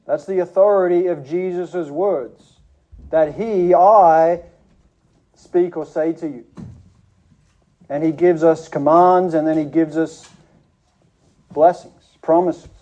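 A man preaching a sermon to his church, speaking in an earnest, measured teaching manner with frequent restarts. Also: on the high side, steady tone, dark tone, highs cut off.

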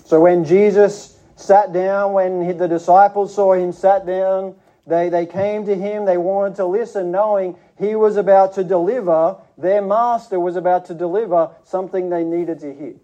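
A man preaching a sermon to his church, speaking in an earnest, measured teaching manner with frequent restarts. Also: high-pitched, steady tone, warm tone, dull audio.

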